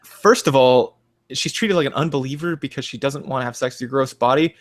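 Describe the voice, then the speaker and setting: A man's voice: medium pitch, a little fast. A man co-hosting a podcast, riffing sarcastically and swearing as he mocks what he reads, often slipping into mocking voices. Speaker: podcast co-host; advises parents. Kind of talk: casual comedic commentary.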